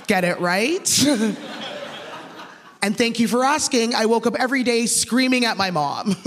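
A Canadian woman delivers a stand-up set with lively storytelling, slipping into the voices of people she quotes. Her voice carries a long reverb tail from the stage. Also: mid-range voice, a little slow. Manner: animated, acts out quoted voices, laughs through lines. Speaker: stand-up comedian. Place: comedy stage.

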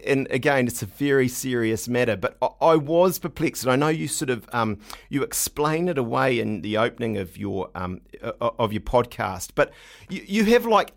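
A man's voice: mid-range voice, creaky. A man hosting a podcast interview, joking at his own expense and restarting his sentences. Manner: jokey, self-deprecating, stumbling restarts. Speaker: podcast host. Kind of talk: casual interview chat.

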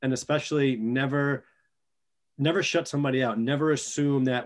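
A man hosting a podcast, asking questions and reflecting in a relaxed, encouraging way with loose phrasing. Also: mid-range voice, moderate pace. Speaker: podcast host. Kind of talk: casual interview conversation.

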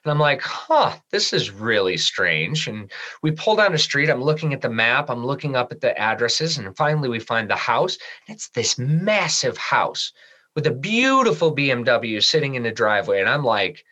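A man's voice: mid-range voice, animated, moderate pace, pushed and bright, low-quality recording. A man in a podcast interview, telling a personal story and acting out his own past remarks with animation, then turning sincere and reflective. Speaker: guest.

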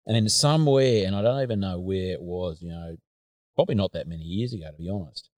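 A reflective Australian man hosts a casual interview, feeling his way through his thoughts with plenty of fillers. His voice is very deep, and the recording is close and dry. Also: fast, a little mellow, dry recording. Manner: reflective, hesitant, many fillers. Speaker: podcast host.

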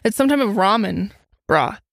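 A young woman on a casual podcast who tastes and guesses drinks in an excitable, blunt way and swears freely. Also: medium pitch, moderate pace, vocal fry, dry recording, studio quality. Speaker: podcast co-host. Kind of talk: casual chat.

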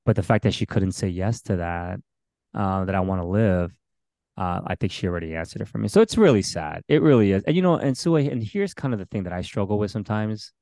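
Deep-voiced pastor, earnest and reflective. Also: male voice, expressive, a little fast, mellow, no echo, studio quality. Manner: earnest, reflective, many fillers and restarts. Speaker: pastor and podcast co-host. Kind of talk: casual podcast conversation.

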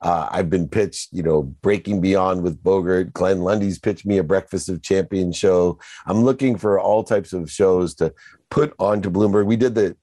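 Middle-aged man, interview guest, very low voice, dark mellow tone, emphatic storytelling, dry sound. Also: normal speed, no room sound.

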